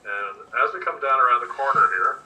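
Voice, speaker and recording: A man's voice: mid-range voice, expressive, brisk, pushed and bright, highs cut off. A man narrating as game master, describing scenes in an easygoing way with lots of fillers. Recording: distant mic with faint noise.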